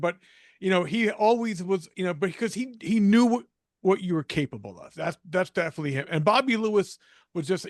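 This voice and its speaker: A man hosting a live video-call show, chatting in a relaxed, complimentary way. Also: sits high, dry recording, clean studio sound. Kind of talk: casual interview chat.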